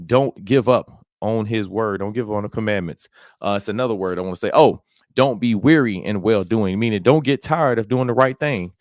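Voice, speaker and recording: Guy in his 40s breaking down scripture, super conversational, kinda low voice, dry close sound. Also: a little mellow, no echo. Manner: conversational, colloquial, checks in with listeners often. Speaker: Bible teacher. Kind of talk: informal verse-by-verse Bible teaching.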